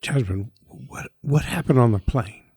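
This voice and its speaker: A man playing a tabletop horror game in character, deliberate and often clearing his throat. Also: medium pitch, darkish tone, no room sound. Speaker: player.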